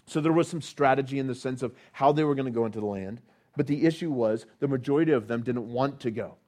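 A man preaching a sermon, rising to loud emphatic passages and dropping to quiet, drawn-out appeals. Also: mid-range voice.

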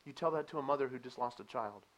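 A man preaching a sermon, animated and emphatic, asking the listeners rhetorical questions and dropping to a quieter explaining tone at times. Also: mid-range voice, quick pace, low-quality recording.

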